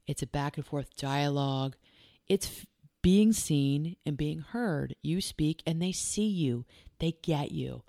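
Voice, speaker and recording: A woman's voice: deep voice, takes it slowly, gravelly, dark tone, no echo, studio quality. A woman who works as a life coach and hosts a podcast. She talks earnestly and directly, firing off strings of probing questions and repeating key phrases for emphasis.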